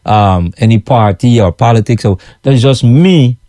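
A man's voice: mid-range voice, unhurried, dark tone, no echo, studio quality. A man from Guyana with a Guyanese accent, a food vendor talking casually to his followers, chatty and repetitive, often asking "you know what I'm saying". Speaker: food vendor running his own kitchen business.

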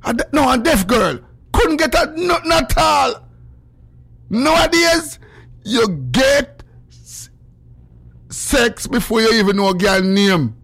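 A gravelly, high-voiced Jamaican man rants on his radio show. He swings from loud preachy shouting to low mumbled asides. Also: animated, takes it slowly, pauses often. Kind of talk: animated call-in radio rant.

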